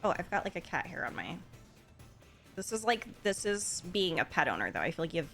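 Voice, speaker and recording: A young woman from Florida, a streamer, chatting with live viewers in a bubbly, gushing way with excited gasps. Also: fairly low pitch, fairly quick. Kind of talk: casual chat with live viewers. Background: faint game music.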